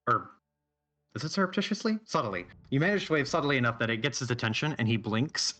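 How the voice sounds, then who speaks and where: A man runs a tabletop horror game as its game master, his voice bright and forward. He narrates in a loose, halting way, restarting his sentences as he goes. Faint music plays underneath. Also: mid-range voice.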